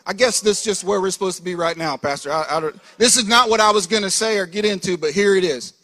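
A man's voice: high-pitched, fast. A man preaching a fiery live sermon to a church crowd, often calling out to them. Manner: fiery, animated, keeps calling "Hello?" to the crowd. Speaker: preacher and co-host. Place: church hall in Florida.

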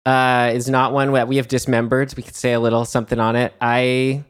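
A man's voice: medium pitch, level tone, brisk, clean tone. A man hosting a podcast, chatting casually, often correcting himself as he steers the talk. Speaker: podcast host. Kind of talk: casual chat.

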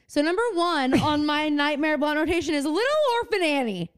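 A woman co-hosting a podcast in casual chat, animated and profane, breaking into mocking impressions. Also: high voice, brisk, hardly any pauses, no room sound, clean studio sound. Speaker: podcast co-host.

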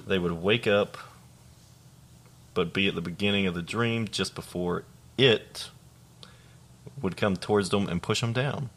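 A young man co-hosting a podcast, reading listener stories aloud in a casual, deadpan way, swearing freely and laughing now and then. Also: low-pitched, a little slow, long pauses. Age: young adult.

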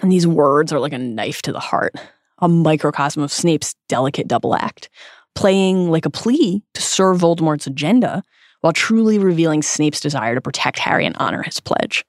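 A woman co-hosting a podcast, reading a scripted essay earnestly and dramatically, with slow, emphatic stresses. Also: sits low, expressive, dry recording, clean studio sound. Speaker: podcast co-host.

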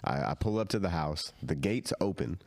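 Man, low and lively, dry close sound; loose, swearing storyteller who acts out the voices. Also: normal speed, no echo. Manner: lively, laughing, acts out voices in his stories. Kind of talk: casual chat, swearing storytelling.

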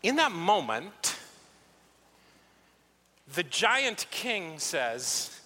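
Bright-voiced male pastor in an echoing hall. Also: high voice, extremely slow, husky. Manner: animated storyteller, acts out scenes. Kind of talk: sermon. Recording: echoey hall.

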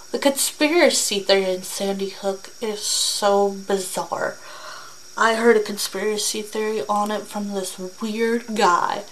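A young woman in a casual vlog, moving between reading facts aloud and earnest personal comments. She talks haltingly, with fillers and restarts, at a mid pitch with faint noise behind her. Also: rough recording.

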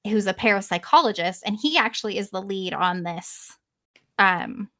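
A woman podcast host casually retelling a story in an animated way, swearing freely and trailing off now and then. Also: mid-range voice, moderate pace.

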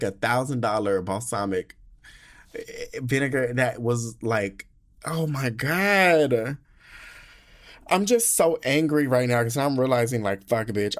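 Brief: young American man, sassy podcast host, lively swooping delivery, swears freely. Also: mid-range voice. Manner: sassy, animated, swears a lot, drawn-out gushing. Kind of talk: casual travel recap monologue.

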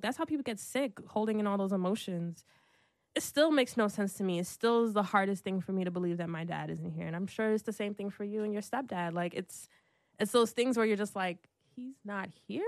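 Woman in her 30s just chatting openly, says like constantly, laughs easy, mid pitch, super dry close sound. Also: no room sound. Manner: chatty, leans heavily on "like", laughs often. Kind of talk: casual heartfelt conversation.

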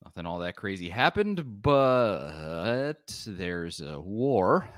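A man's voice: sits low, big pitch swings, slow pace, dry recording. Male sports podcast host: loose, joking at his own slips, voice swinging up and down. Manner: self-deprecating, rambling with restarts. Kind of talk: casual sports podcast chat.

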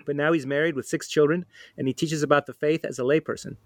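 A man's voice: a little high, steady tone, fast talker, no echo, clean studio sound. A man hosting a podcast interview, friendly and thoughtful as he asks his questions. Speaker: podcast host.

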